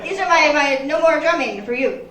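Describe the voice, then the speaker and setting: A woman doing a stand-up comedy set in a club, delivering deadpan one-liners with halting restarts. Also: sits high, loud music behind the voice, over a noisy crowd. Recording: roomy live room from far mic, audience laughter. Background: audience laughter.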